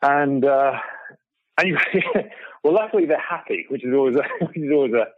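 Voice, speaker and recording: A middle-aged man telling lively stories as a guest over a remote call, laughing often and restarting his sentences. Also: medium pitch, normal speed, narrow, tinny audio, crowd noise. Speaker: guest photographer. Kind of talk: casual storytelling in an interview.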